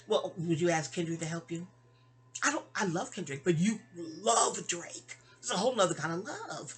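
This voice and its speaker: A woman's voice: medium pitch, fairly bright tone, slightly rough. A middle-aged woman telling a story to her phone at home in a rambling, chatty way, full of digressions and asides. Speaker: vlogger. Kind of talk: casual storytelling monologue.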